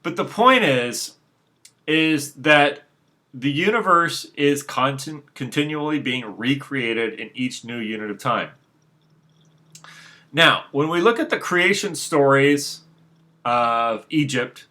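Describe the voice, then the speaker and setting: Male, bright tone, loose rambling monologue with frequent restarts, frank delivery. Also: medium pitch, lively intonation, slow. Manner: rambling, many restarts and fillers; frank, unbothered. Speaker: speaker on spirituality. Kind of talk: unscripted monologue.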